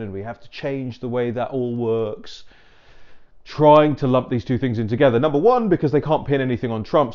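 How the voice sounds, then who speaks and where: A man's voice: mid-range voice, darkish tone. Chatty man, muffled recording. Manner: chatty, digressive storyteller who acts out dialogue. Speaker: political commentator. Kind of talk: casual spoken commentary.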